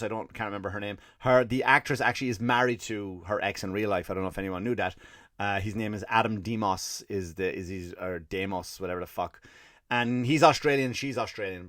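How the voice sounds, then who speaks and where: Irish male podcast comic, sarcastic and profane, mid pitch, dry close mic. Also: a bit bright, no room sound. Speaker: podcast host. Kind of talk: comedic rant.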